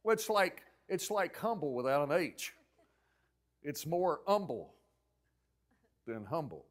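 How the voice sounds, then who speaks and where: A man preaching a sermon as pastor, telling stories with acted-out quotes and swinging from loud outbursts to near-whispers. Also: on the high side, measured pace. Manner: animated storytelling preacher, acting out quotes loudly then dropping to a hush.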